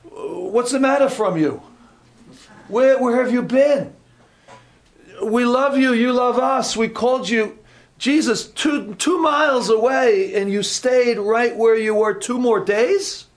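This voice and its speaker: A woman's voice: on the high side, slow pace, voice pushed up. A male preacher voicing Martha, a grieving woman who reproaches Jesus in a raised, pleading, accusing tone, in sermon role-play. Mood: frustrated.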